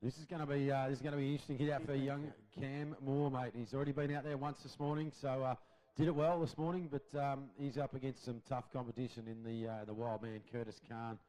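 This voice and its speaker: A man's voice: medium pitch, level tone, fast, warm tone, low-quality recording. A man giving chatty, friendly color commentary during a live race.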